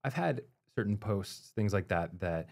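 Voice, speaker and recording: A man hosting a podcast, reflecting in a measured way and asking open questions. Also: on the low side, lively intonation, creaky. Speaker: podcast host. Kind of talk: conversational interview.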